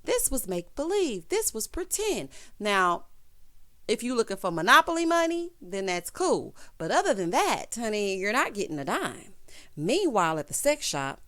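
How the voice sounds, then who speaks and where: Female recap host, sassy, lively pitch, chatty. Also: normal speed. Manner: sassy, animated, calls listeners honey and child. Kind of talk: casual recap commentary.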